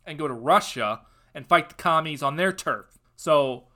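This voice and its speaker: A young man with a bright, forceful voice, pitched a little above most men. He talks casually as a podcast host and slides into loud, sarcastic, worked-up ranting. The tone is an opinionated review. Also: lively intonation, normal speed.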